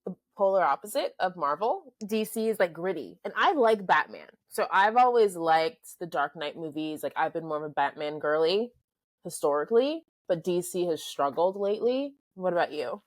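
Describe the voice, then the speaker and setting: A woman's voice: fairly low pitch, animated, normal speed. A woman co-hosting a film review podcast, chatting casually and reading background notes. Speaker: podcast co-host. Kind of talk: casual chat.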